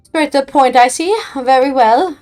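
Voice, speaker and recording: A stately female forest chieftainess speaks with measured, formal grace, as a woman reads the game lines in a put-on accent. The voice sits a little high, with faint game music underneath. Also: a little mellow, natural voice. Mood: gracious. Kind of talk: reading game dialogue aloud in character.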